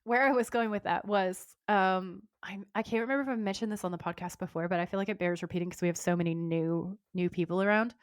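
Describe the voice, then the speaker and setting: A woman's voice: mid-range voice, quick pace, few pauses, dry recording, clean studio sound. A woman co-hosting a podcast in casual chat, rambling through tangents with restarts and frequent laughter. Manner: enthusiastic, laughs often. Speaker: podcast co-host.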